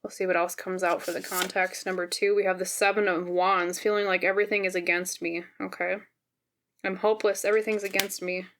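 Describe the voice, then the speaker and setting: A woman giving a pick-a-card tarot reading on camera, gentle and reassuring, often checking in with "okay?". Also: lowish voice, gravelly, a little hiss or hum. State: briefly teary and emotional. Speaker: tarot reader. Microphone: camera mic, seen on camera.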